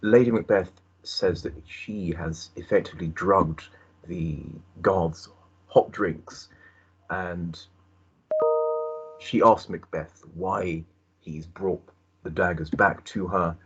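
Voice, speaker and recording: A man's voice: sits low, fairly even intonation, takes it slowly, husky, muffled recording. A male teacher giving a recorded lesson, explaining a play and putting questions to the class.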